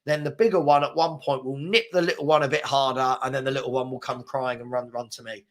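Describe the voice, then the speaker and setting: A man's voice: medium pitch, steady tone, fast talker. A man hosting a casual live football chat, reading out viewer comments in a rambling, slangy way and repeating himself. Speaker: football chat show host.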